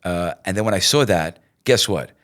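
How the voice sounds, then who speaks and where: Middle-aged man, low voice, animated storyteller, repeats words, casual interview. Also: moderate pace. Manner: animated, repeats himself, acts out quotes. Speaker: radio host, interview guest.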